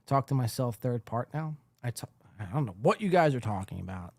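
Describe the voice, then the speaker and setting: This podcast host, a man with a very animated mid-range voice, talks a little fast in studio-quality audio without room sound. Exhausted after a long stream, he gives casual livestream commentary, rambling and laughing while reading the chat.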